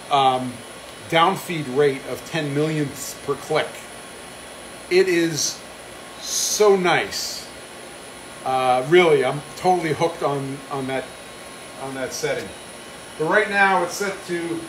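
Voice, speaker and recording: A man's voice: a little high, fairly bright tone, a little hiss or hum, poor audio. A man talking casually through a machining demonstration on a live stream, reading out viewer comments as he works. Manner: casual, chatty, reads out viewer comments, self-deprecating. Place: machine shop. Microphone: phone live stream.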